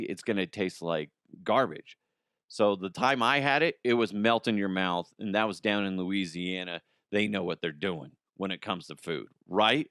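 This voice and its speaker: Man riffing on odd news stories, middle pitch, swears a lot, dry close sound. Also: a bit bright, clean tone, no room sound. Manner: rambling, profane, laughs at own jokes. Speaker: host. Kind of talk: casual comedic news commentary.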